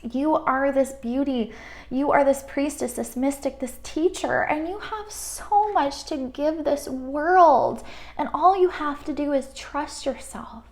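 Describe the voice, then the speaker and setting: A woman reads cards for her viewers in a fairly high voice. She is gentle and affirming, and her talk is full of loose fillers. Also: takes it slowly. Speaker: tarot card reader. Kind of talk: pick-a-card spiritual reading.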